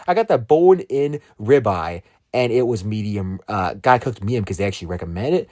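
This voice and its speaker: A man narrating a casual restaurant food review in an excited, gushing way, with many fillers. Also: fairly low pitch, normal speed, hardly any pauses, no echo, clean studio sound. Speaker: food vlogger.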